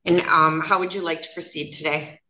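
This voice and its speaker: A woman's voice: low-pitched, steady tone, brisk, pushed and bright. A woman judge running a court hearing, speaking plainly and casually with frequent fillers. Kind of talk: courtroom proceedings. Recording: roomy courtroom sound, faint noise.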